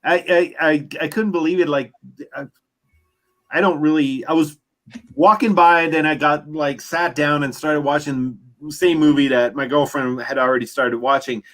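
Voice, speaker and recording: A man co-hosting a casual chat, talking haltingly with many restarts. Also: a little high, fairly even intonation, a bit bright.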